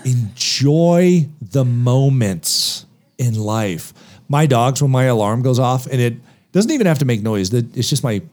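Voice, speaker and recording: A man talks with a lively, swooping voice that rises and falls a lot as he drives his points home. He asks himself questions and answers them. It is the energetic delivery of motivational podcast talk. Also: medium pitch, measured pace. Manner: emphatic, animated, rhetorical questions. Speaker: podcast guest author.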